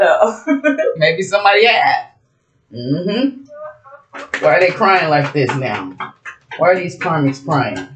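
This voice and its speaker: Brash, profane woman doing a casual tarot reading, recorded in a roomy, echoing space. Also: lowish voice. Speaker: tarot reader. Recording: roomy echo.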